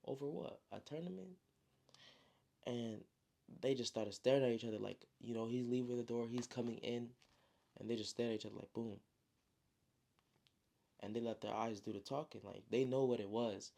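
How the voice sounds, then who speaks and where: A man casually retelling his novel in slangy, relaxed speech, full of "you know" fillers. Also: medium pitch, moderate pace, creaky, long pauses. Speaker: storyteller and author.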